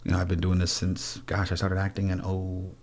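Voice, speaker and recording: Male guest in his forties, very low voice, frank and relaxed. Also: fairly quick. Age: 40s. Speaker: guest actor. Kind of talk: casual conversation.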